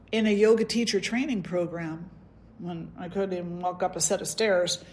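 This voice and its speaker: A middle-aged woman teaching at a spiritual gathering, telling a personal story and acting out the dialogue. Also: mid-range voice. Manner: storytelling, acts out quoted dialogue. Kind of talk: satsang talk, personal story.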